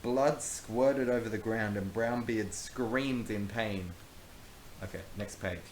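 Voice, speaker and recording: Low-voiced man reading with wry asides. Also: takes it slowly. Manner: wry, self-mocking asides. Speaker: YouTuber reading his old book. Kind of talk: casual commentary and reading aloud. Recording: echoey room with faint hiss.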